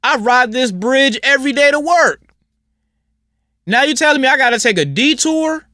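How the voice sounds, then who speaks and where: A man's voice: extremely high pitch, animated, moderate pace, pushed and bright, no echo, studio quality, pitched above the performer's own voice, exaggerated voice. A man mimicking an irritated male commuter who complains indignantly about having to take a detour. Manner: whiny, indignant.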